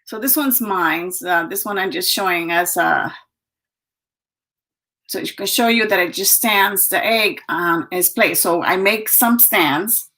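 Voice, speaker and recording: Slow-talking bright-voiced woman. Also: mid-range voice. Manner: slow, chatty, breathless with little laughs. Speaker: guest artisan. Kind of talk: casual show-and-tell. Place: home, on a video call. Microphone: video call.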